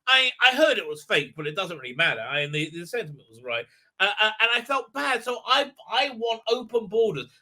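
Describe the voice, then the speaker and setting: A man rambles through a sarcastic episode review, his voice pitched high and sharply bright. He halts constantly on filler words before pushing on with his next scornful point. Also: big pitch swings, brisk.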